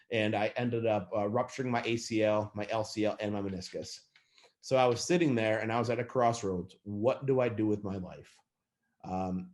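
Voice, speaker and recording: Fast-talking passionate man in his thirties. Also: on the low side. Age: 30s. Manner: fast, passionate, energetic delivery with restarts. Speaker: real estate team leader speaking to managers. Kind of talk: motivational talk on a video call.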